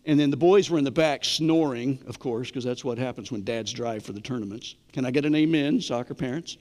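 A man's voice: mid-range voice, fairly quick, a little mellow, big-room sound. A middle-aged man preaching a sermon in a conversational way, asking the congregation questions. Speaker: pastor.

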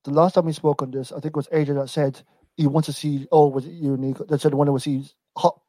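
Relaxed young man, mellow voice. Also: on the high side, fast talker, no room sound, rough recording. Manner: relaxed, rambling, laughs often. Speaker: wrestling podcast co-host. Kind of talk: casual chat.

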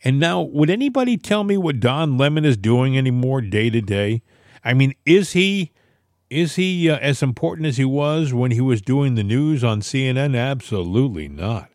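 A man's voice: mid-range voice, expressive, moderate pace, a little mellow, dry recording, clean studio sound. A man co-hosting a casual political talk show, telling stories in an emphatic, opinionated way. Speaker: podcast co-host.

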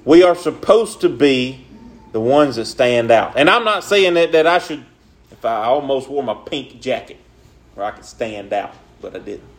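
A man's voice: medium pitch, animated, normal speed. A young man preaching a sermon in an earnest, repetitive way, with folksy, casual grammar.

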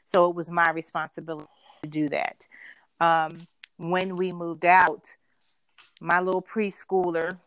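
A woman's voice: fairly low pitch, level tone, measured pace, long pauses, fairly bright tone, no echo. A woman from Philadelphia, a podcast guest, telling a personal story in a heartfelt, reflective way, laughing now and then.

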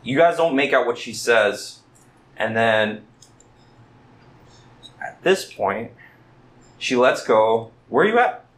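A man running a tabletop game as game master, narrating in a halting, easygoing way with many fillers. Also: medium pitch, lively intonation, fairly bright tone.

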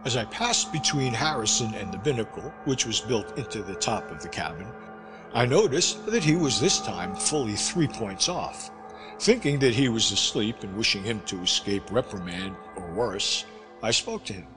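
Male audiobook narrator, expressive, lively pitch, long reverb, music bed. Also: moderate pace. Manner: expressive storytelling. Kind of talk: scripted narration.

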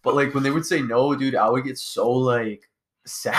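Young male podcast co-host, loose slangy banter, mid-pitched. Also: fairly even intonation, moderate pace, very noisy. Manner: loose, slangy and profane, many fillers. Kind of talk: casual chat.

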